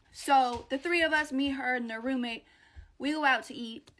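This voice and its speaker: Woman vlogger with a high voice, blunt and profane casual storytelling. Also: normal speed, fairly bright tone.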